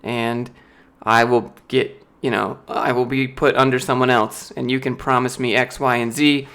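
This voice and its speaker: A young man from the United States talks loosely into a desk mic on a home livestream. His voice sits at a middle pitch, and he keeps an easy, rambling delivery full of "like" and quick laughs. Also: clean tone. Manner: animated storyteller, mimics other people's voices in anecdotes; chatty, laughs often, frequent filler words. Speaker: YouTuber answering live chat questions. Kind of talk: casual livestream Q&A.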